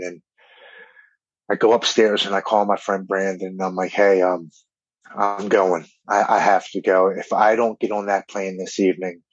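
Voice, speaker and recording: A man, a podcast guest, telling an emotional recovery story in an earnest, halting way with repeated words. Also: sits low, no room sound. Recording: dull, dry remote recording.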